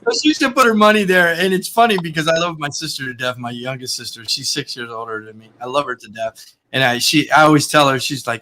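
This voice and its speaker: A man's voice: mid-range voice, lively intonation, quick pace, pushed and bright, slight background noise, poor audio. A man hosting a podcast, chatting casually and telling rambling, profane stories full of repeated words. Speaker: podcast host.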